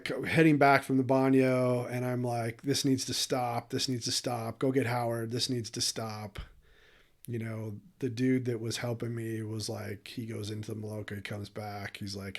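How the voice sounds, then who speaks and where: A man co-hosting a podcast, telling a story in a candid, emotional, profane way and laughing often. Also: mid-range voice. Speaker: podcast co-host. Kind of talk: casual storytelling chat.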